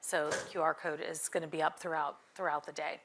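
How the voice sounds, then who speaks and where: A woman hosting and moderating a live panel, brisk and organizing. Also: sits low, little pitch movement, creaky, background noise. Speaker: host and moderator.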